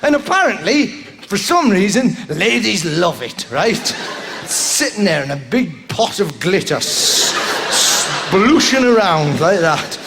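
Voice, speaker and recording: A man doing a live stand-up routine, rambling and tagging lines with "right?", breaking into sudden shouts. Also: high-pitched, sing-song, slow pace, over music. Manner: bursts into shouts. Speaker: stand-up comedian. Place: live comedy venue with audience. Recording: live show with crowd noise.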